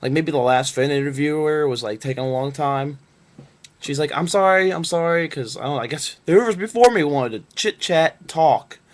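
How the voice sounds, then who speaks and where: A man's voice: on the high side, moderate pace. Young guy from Northern Kentucky, casual webcam storyteller, loose and rambling. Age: young adult. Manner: rambling, filler-heavy, laid-back. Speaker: vlogger.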